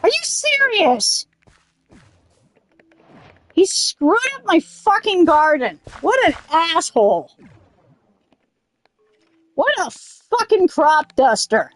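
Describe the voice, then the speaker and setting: Very high-pitched and very animated, a woman plays a game slowly, leaving long pauses as she chats. Her casual let's-play talk rambles and drifts into silly riffs, with sudden angry bursts of swearing at the game.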